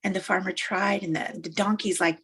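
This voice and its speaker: A motivational speaker tells uplifting stories in an animated, emphatic way, repeating phrases for effect. Her medium-pitched voice is slightly rough, and she talks fairly quickly.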